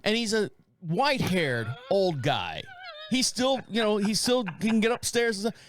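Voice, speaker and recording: A man's voice: sits high, a little slow, no room sound, studio quality. A man in his forties co-hosting a casual chat, telling a story and quoting his neighbor in voices. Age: 40s. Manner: animated storyteller, quotes neighbor in put-on voices. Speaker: podcast co-host.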